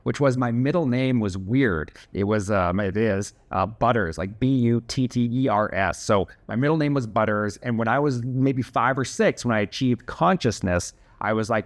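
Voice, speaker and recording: A man's voice: mid-range voice, moderate pace, hardly any pauses. A young man casually telling a personal story to camera, chatty and self-deprecating, with lots of fillers and restarts.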